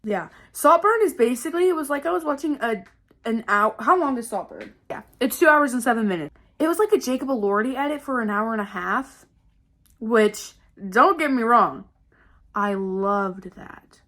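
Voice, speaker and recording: A woman's voice: a little high, animated, moderate pace, a bit bright. A young woman vlogger telling stories in a dramatic, casual way, swearing often and calling her viewers guys. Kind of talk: casual storytelling to camera.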